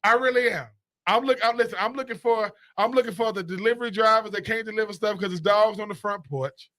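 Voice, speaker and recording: A man with a Southern American accent co-hosting a casual sports talk show, excitable and often repeating himself. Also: sits high, quick pace. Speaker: sports radio co-host.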